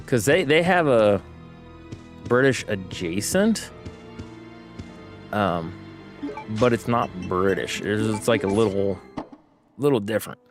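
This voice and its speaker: Guy streaming a game, chatty and rambly, up-and-down pitch. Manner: rambling, self-correcting, chatty. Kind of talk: casual gameplay commentary.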